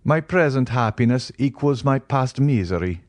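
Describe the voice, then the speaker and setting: A man's voice: mid-range voice, animated, normal speed, a little mellow, no echo, pitched above the performer's own voice, close to an everyday voice. Man voicing a cool formal nobleman, restrained, dry close sound. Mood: guarded. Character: reserved, guarded nobleman count, coolly polite.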